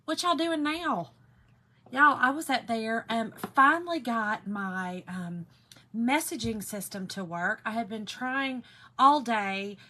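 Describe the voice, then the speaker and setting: Hoarse Southern woman chatting on a live stream. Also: a little high, lively intonation, takes it slowly, bright, forceful tone. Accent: Southern US (Georgia). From Georgia, US. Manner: chatty, greets viewers by name, constant "y'all". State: hoarse, raspy voice. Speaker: craft live-stream host. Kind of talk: casual live-stream chat.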